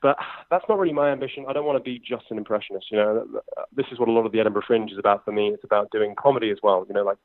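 A young comedian with a London accent talks quickly and loosely, with plenty of fillers. His voice sits fairly low. The sound is thin and dry, like a phone call. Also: no echo. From England. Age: 20s. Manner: quick, chatty, lots of fillers. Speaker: impressionist and comedian. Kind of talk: conversational interview. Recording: tinny phone line, dry.

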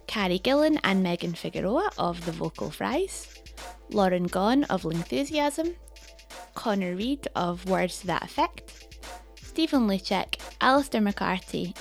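A woman hosting a podcast, narrating a script in a wry, reflective way. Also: on the low side. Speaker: podcast host.

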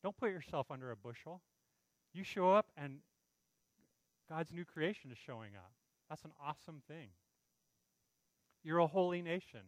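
Male pastor, earnest conversational sermon delivery, fairly high voice, dry recording. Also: animated, normal speed, pauses often, no room sound, poor audio. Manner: earnest, pleading, conversational preaching with frequent "right?" asides.

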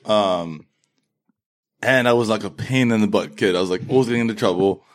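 Young London-accented man, low-ish voice, animated storyteller in a casual interview. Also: fairly quick. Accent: London English. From London, England. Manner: animated storyteller, acts out quotes. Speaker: fencer, interview guest.

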